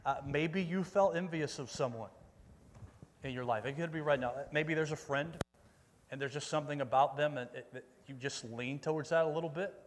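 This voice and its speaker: A male youth pastor gives a casual sermon, upbeat and chatty, and he keeps rallying the crowd. His voice sits a little higher than most men's. It rings out with the long reverb of a large meeting hall. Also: moderate pace, a little hiss or hum. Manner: upbeat, rallies the audience, calls out for volunteers. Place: church meeting room with an audience.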